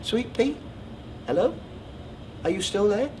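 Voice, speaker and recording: A man's voice: high voice, lively intonation, measured pace, a little mellow, a little hiss or hum. An actor playing a pompous, controlling man in a theatrical monologue, smug, condescending and over-precise in how he talks. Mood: patronizing. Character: pompous, controlling, self-assured man proposing. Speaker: stage actor. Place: theatre stage.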